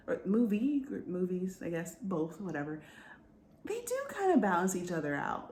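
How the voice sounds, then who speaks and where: A woman's voice: on the low side, sing-song, normal speed, darkish tone. A woman talking casually to her viewers about a book, chatty and full of asides. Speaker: book vlogger. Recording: roomy with faint background noise.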